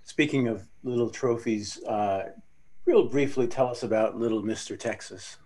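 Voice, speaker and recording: A man's voice: mid-range voice, normal speed, a little mellow. Man moderating with brief questions. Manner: brief, with hesitant fillers. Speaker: event host, moderator. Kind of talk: interview moderation.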